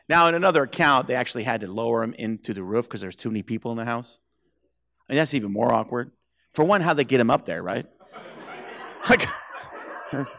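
A man's voice: mid-range voice, very animated, a little fast, vocal fry, long pauses, fairly bright tone. A man preaching a sermon to his church, telling the story playfully, acting out the characters' lines and laughing often. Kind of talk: animated sermon with acted-out scenes. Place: church sanctuary.

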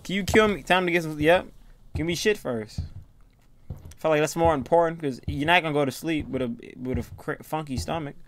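Brief: slightly high-voiced male let's-player, jumpy and profane, drops to mutters then bursts into yelps, light hiss behind. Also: a little fast. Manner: jittery, swearing, thinks aloud, swings from muttering to yelling. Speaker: gaming video creator. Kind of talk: horror game commentary.

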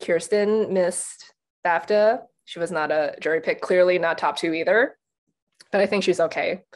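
A woman's voice: on the low side, normal speed. A young woman in casual panel talk as an awards pundit, chatty, with lots of fillers and restarts.

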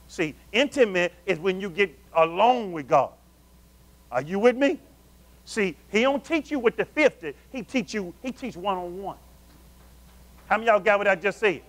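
High-pitched animated preacher man. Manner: animated call-and-response preaching, addresses the congregation as family. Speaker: pastor. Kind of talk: sermon.

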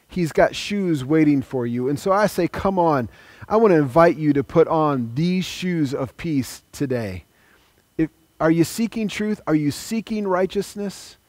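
Earnest guy pastor preaching, pleading tone, medium pitch, dry sound. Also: a little mellow, no echo. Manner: earnest, pleading, invites listeners to pray along. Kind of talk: sermon.

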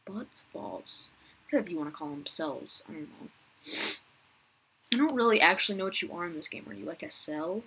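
Husky young woman chatting over gameplay. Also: on the low side, lively intonation, fairly quick, sharp tone, low-quality recording. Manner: chatty, talks to viewers and players on screen. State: rough, uncooperative voice, clearing throat. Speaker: gaming youtuber. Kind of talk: casual gameplay commentary.

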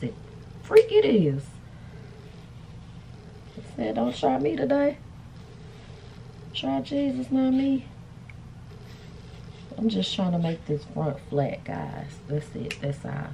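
A woman's voice: mid-range voice, dark tone, a little hiss or hum. A woman vlogger chatting casually and playfully to her viewers while styling a wig. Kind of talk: casual beauty vlog chat. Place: indoors, hotel room.

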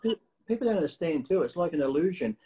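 A middle-aged bodybuilder appearing as a guest tells a story in casual conversation, bluntly and animatedly, swearing freely as he goes. His voice is on the high side and he talks fast, on a rough recording.

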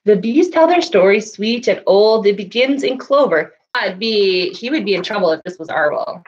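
A woman's voice: mid-range voice, normal speed, dull audio, slight background noise. A woman library storyteller reading picture books aloud to young children, asking them questions as she goes, with an occasional cough. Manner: animated, asks young listeners questions. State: coughing now and then.

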